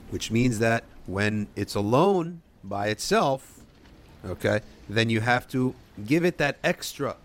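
A man teaching tajweed, explaining the rules step by step, reciting short examples and checking in with his students. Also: medium pitch.

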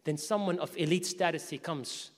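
A man preaching a storytelling sermon to an audience, animated, acting out voices and shouting at the high points. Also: normal speed. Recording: echoing hall reverb.

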